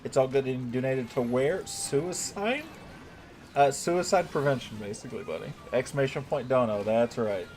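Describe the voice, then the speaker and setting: A man's voice: medium pitch, normal speed, a little mellow, slight background noise. A man from the United States streaming a strategy game, chatting casually and thanking viewers in chat by name. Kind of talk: casual livestream commentary.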